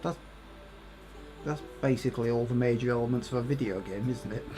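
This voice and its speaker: A man's voice: medium pitch, brisk, over music. A man doing casual, exasperated game commentary with plenty of swearing. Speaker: gaming YouTuber.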